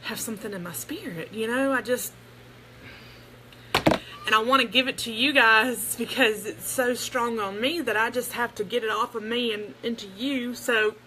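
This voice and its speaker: A woman's voice: a little high, background noise. A young adult woman, talking casually and earnestly to viewers on a phone livestream, rambling with restarts. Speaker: livestream host. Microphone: phone camera.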